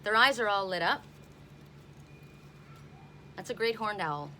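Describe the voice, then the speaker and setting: A woman's voice: mid-range voice, expressive, unhurried, sharp tone, a little hiss or hum. A middle-aged woman doing an oracle card reading outdoors, blunt and indignant in her asides. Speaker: tarot and oracle card reader.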